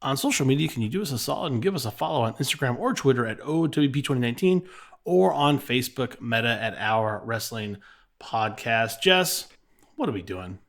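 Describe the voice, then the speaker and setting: A man co-hosts a casual wrestling podcast, reading out promos and biography notes and laughing often. His medium-pitched voice is expressive and a little fast.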